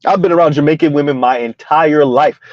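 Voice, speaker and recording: A man's voice: fairly high pitch, brisk, darkish tone, no echo, dull audio. A man hosting a casual livestream commentary, emphatic and rambling, chuckling between points. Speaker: commentary channel host.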